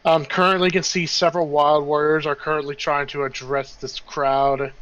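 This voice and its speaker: Game master, man, bright and slightly high voice, rambling narration, dull lo-fi sound. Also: level tone, moderate pace. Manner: loose, rambling narration with fillers.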